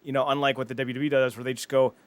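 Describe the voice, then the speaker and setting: Rapid-fire and medium-pitched with little pitch movement, this wrestling podcast co-host talks eagerly in casual chat. His speech is crammed with fillers and quoted asides, and the recording is dry.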